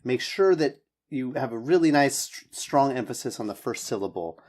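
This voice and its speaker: A man's voice: mid-range voice, animated, normal speed, a little mellow. A man teaching English, giving spoken feedback on a student's answer in an encouraging, hedging way with many fillers.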